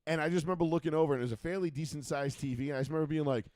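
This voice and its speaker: A man's voice: fairly high pitch, steady tone, racing, a little mellow, no room sound, clean studio sound. A man in his thirties co-hosting a call-in sports chat show, telling rambling stories full of fillers and swearing. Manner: profane, rambling storyteller with many fillers. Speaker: radio show co-host.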